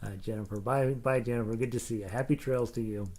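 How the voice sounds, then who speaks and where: A middle-aged man hosting a live ukulele class, reading viewer comments aloud in a loose, chatty way. His talk is full of fillers, small restarts and jokes, at an average pitch. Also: steady tone, fast, darkish tone, slight background noise. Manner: chatty and jokey, lots of fillers, breaks into laughs and snatches of song. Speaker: ukulele teacher greeting class chat. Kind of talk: casual livestream chat reading comments.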